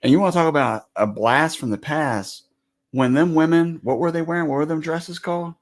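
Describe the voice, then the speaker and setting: A man's voice: fairly high pitch, a little fast. A man co-hosting a casual live stream, folksy and drawling, often restarting his sentences. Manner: folksy, drawling, stop-start phrasing. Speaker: co-host of a ranch live stream.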